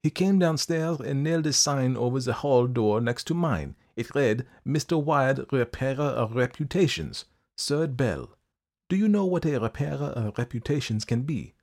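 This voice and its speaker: A man reading aloud and voicing an earnest, persistent older man with gentle concern. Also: medium pitch, expressive, moderate pace, pitched above the performer's own voice. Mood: coaxing.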